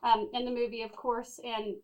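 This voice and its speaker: A woman reviewing a movie in casual chat, speaking in a measured, deliberate way. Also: fairly high pitch, flat delivery, darkish tone, low-quality recording. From Texas.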